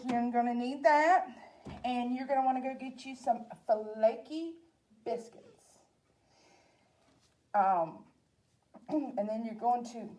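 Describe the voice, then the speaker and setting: A woman in her forties with a Southern drawl hosts a relaxed cooking demonstration. Her voice sits high and mellow. She talks in a chatty, homey way and calls her viewers y'all. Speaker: library program host.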